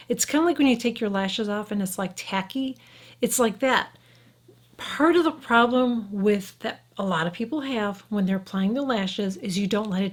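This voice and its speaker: A frank, chatty woman in her fifties walks viewers through a makeup tutorial. She talks while she works at her mirror and keeps asking "okay?" as she goes. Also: medium pitch. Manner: talks while applying makeup, sometimes drops to a whisper. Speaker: beauty vlogger.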